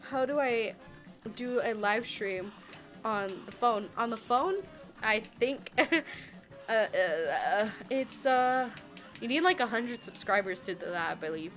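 A woman in her early twenties streaming a game, excitable and a bit tipsy, exclaiming, swearing and laughing as she plays. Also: on the high side, measured pace, soft background music. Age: early 20s. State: tipsy from taking shots. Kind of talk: casual gameplay livestream.

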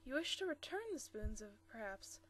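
A timid old antique dealer from a storybook, read by a woman murmurs in a high, soft voice. He stammers and trails off, nervous and apologetic. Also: big pitch swings, moderate pace, a little hiss or hum. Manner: hesitant, soft-spoken, stammering.

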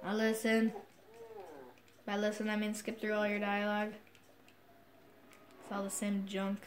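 A woman commentating a video game playthrough, excitable and self-mocking, quick to yell at the game. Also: mid-range voice. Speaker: gamer. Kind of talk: let's play commentary.

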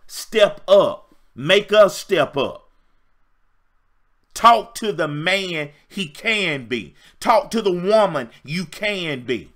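A man's voice: sits high, lively intonation, slow, a bit bright. A man in his fifties, a relationship coach giving an emphatic, preachy motivational talk on a livestream and repeating his points. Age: 50s. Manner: emphatic, repetitive, preachy exhortation.

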